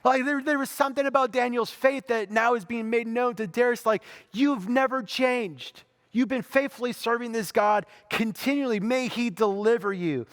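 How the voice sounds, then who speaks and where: A man preaching as pastor, telling the story in a conversational, animated way and acting out the people in it. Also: high-pitched, clear, resonant tone, in a large hall. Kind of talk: sermon.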